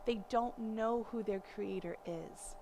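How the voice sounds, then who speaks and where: A woman's voice: a little high, takes it slowly, noisy background. A woman in her thirties giving a conversational lecture on parenting, telling stories animatedly and acting out the voices of people she quotes. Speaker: parenting course teacher.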